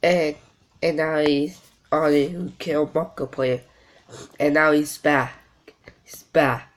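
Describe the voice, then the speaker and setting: A man hosting his channel, reacting to a video in halting casual commentary full of fillers and repeats. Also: a little high, flat delivery.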